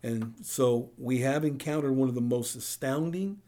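A man preaching a sermon as pastor, in a conversational way, often checking in with the congregation with a quick "right?". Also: medium pitch, dark tone.

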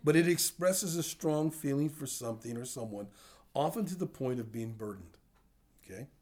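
A man's voice: medium pitch, expressive, moderate pace, a little mellow. Older man preaching a conversational sermon. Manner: conversational teaching, asks the audience questions. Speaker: pastor. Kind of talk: sermon teaching.

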